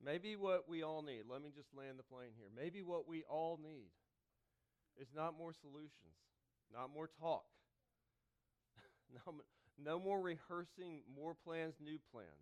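A man preaching to his congregation, with dynamic delivery that swings from loud calls to hushed pleas and a conversational tone full of asides. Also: a little high, a little slow. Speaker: pastor. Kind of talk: sermon. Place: church sanctuary.

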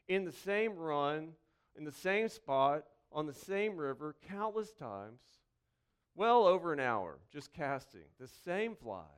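A male pastor preaching a conversational sermon, moving between joking asides and slow, quiet reflection, repeating key phrases slowly for emphasis. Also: fairly high pitch, clean tone.

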